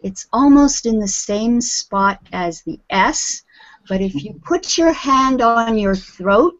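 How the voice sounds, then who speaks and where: Slow patient woman teaching English. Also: mid-range voice, expressive. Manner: patient, encouraging, calls on students by name. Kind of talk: live online group lesson. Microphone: video call audio. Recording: dull lo-fi video call audio.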